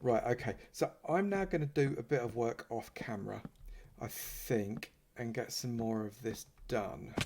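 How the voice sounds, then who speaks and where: Narrating his Minecraft gameplay, this YouTuber is relaxed and playful, joking with his supporters and thanking them. His middle-pitched voice is unhurried, creaky and a little mellow.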